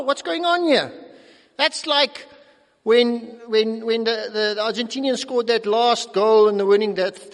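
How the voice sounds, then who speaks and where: A middle-aged male pastor preaching a sermon, animated, acting out quotes with big swings in loudness. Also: sits high, gravelly. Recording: long reverb of a large hall.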